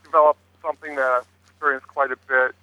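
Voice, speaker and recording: A man's voice: medium pitch, level tone, fast talker, bright, forceful tone, no room sound. A man talking about his investigations in a rambling way, with many fillers and restarts. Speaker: paranormal investigator guest. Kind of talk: casual chat on a phone-in talk show. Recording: tinny dry phone line.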